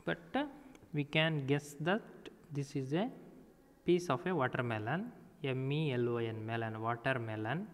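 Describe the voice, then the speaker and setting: A man teaching a grammar lesson for young children, speaking deliberately and spelling words out letter by letter. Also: mid-range voice, a bit bright, clean tone. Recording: echoey room with long reverb.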